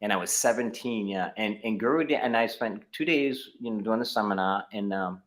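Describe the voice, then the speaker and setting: A man's voice: lowish voice, a little fast. Man rambling through a martial arts story. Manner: rambling, many fillers and restarts. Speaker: guest martial arts instructor. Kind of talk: casual interview storytelling.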